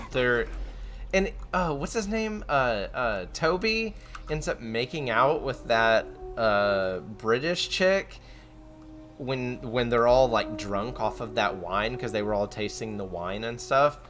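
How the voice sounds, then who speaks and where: A man's voice: medium pitch, a bit bright. A young man streaming, chatting casually and rambling with frequent fillers, restarts and laughs. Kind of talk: casual chat.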